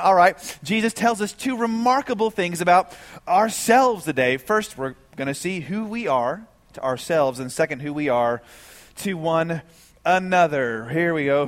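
Animated high-voiced male preacher. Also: in a large hall. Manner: animated, rhetorical questions to the congregation. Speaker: pastor. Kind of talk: sermon.

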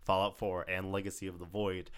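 Very deep-voiced young man, gaming chat. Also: flat delivery. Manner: dramatic mock despair, quick laughs. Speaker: podcast co-host. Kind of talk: casual gaming podcast chat.

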